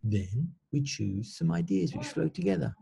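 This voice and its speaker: A man's voice: on the high side, very animated, moderate pace, vocal fry, warm tone, husky. A man teaching children in a recorded online lesson, explaining patiently step by step.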